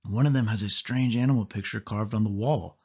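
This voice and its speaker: A man's voice: lowish voice, a little fast, darkish tone, slightly rough. A man voicing a bossy, teasing young girl cousin in a pushy, sing-song way in a storybook reading. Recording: dull lo-fi audio.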